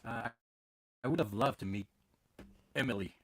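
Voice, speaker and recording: A man's voice: medium pitch, moderate pace. A man hosting a podcast from home in casual chat, rambling with many fillers and restarts. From Canada. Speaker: podcast host. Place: at home with his dog.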